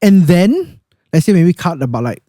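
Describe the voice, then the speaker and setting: A man's voice: sits high, sing-song, normal speed, dark tone, no echo, studio quality. A man, explaining audio mixing in a casual technical chat, thoughtful and hesitant with restarts.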